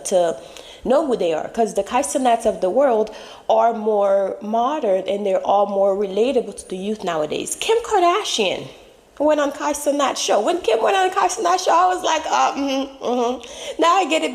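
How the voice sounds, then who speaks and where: A woman's voice: medium pitch, a little mellow. Chatty woman host in a reverberant hall. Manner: chatty, rambling, emphatic. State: losing her voice. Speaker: channel host. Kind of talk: casual commentary.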